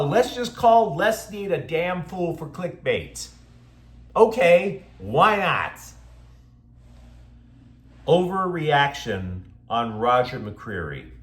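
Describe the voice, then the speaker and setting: Sarcastic sports commentator, lively pitch. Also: male voice, echoey room. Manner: sarcastic, mocking asides. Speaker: sports show host.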